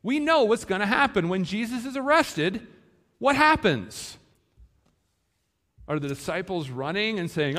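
A man preaching a sermon in a church, animated and acting out the disciples' words. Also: sits high, unhurried. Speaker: pastor. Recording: long hall reverb.

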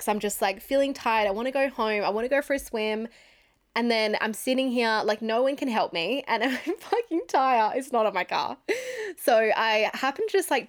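A young Australian woman in her twenties hosting a podcast, telling a story in a chatty way, swearing freely and laughing often. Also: fairly high pitch. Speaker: podcast host. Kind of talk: casual storytelling monologue.

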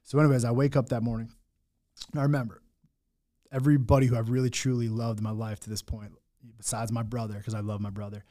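A man's voice: mid-range voice, flat delivery, quick pace, mellow. Blunt man telling a raw personal story. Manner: raw, blunt, swears often, many restarts. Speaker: guest telling his story.

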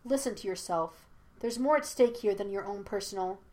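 A woman voicing the stern, cool spirit of an old man who was a past Avatar, lecturing in measured tones. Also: medium pitch, warm tone, natural voice.

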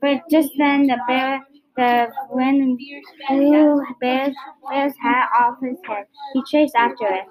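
A woman reading a picture book aloud, halting at times with restarts and repeats. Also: sits high, fairly even intonation, rough recording. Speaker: storyteller. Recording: crowd heard behind.

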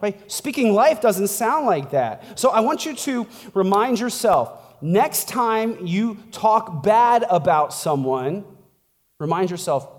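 A man's voice: high-pitched, expressive, slow, big-room sound. A man preaching as a pastor in a casual, conversational sermon, chatty and laughing, tossing in "like" and "right?" as he goes. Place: church.

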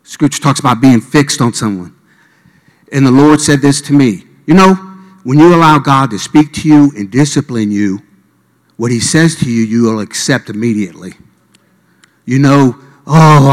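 Speaking at a normal pace in a mid-range voice, a man from Miami animatedly tells stories during a sermon, performing the voices of each character. The recording has the echo of a reverberant hall.

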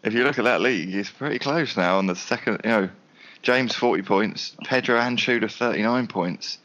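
A man's voice: fairly low pitch, moderate pace, fairly bright tone, muffled recording. A man co-hosting a casual podcast, dry and matter-of-fact about league stats. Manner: dry, matter-of-fact, calls people mate.

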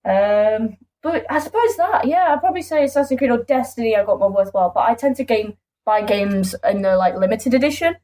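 Female podcast co-host, mellow voice, casual, hesitant. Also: a little high, lively intonation, fairly quick, hardly any pauses, rough recording. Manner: hesitant, lots of fillers. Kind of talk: casual chat.

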